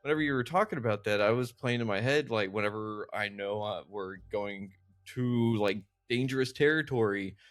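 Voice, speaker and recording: A man's voice: on the low side, normal speed, hardly any pauses. A man hosting a podcast interview, sharing personal reflections in casual chat with lots of filler words. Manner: reflective, many fillers like 'like'. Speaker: podcast host.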